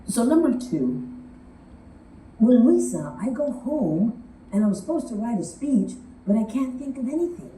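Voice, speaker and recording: Woman teaching speech writing, bouncy animated voice, mellow tone, roomy and kinda far off. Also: low voice. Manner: lively storytelling, acts out quotes. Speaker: public speaking coach. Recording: roomy, distant from the mic, faint noise.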